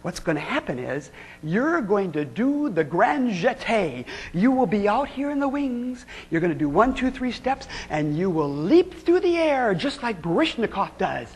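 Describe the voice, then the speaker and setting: A woman on a stage telling a playful, animated story as a motivational speaker. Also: moderate pace. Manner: animated, playful, big swoops of pitch. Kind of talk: storytelling keynote speech. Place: stage in a spotlight.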